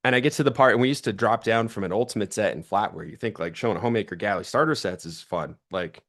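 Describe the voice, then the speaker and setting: A man in his thirties giving a lively sales training talk, chatty and energetic, acting out quoted phone calls in his stories. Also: fairly low pitch, quick pace.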